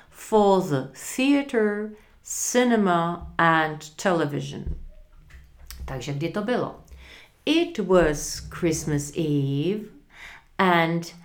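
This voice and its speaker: Woman, teacher, slow unhurried delivery, reads and translates a story phrase by phrase, asks herself questions. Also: lowish voice. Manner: slow, deliberate, asks and answers her own questions. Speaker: English teacher. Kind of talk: bilingual story lesson, reading and translating.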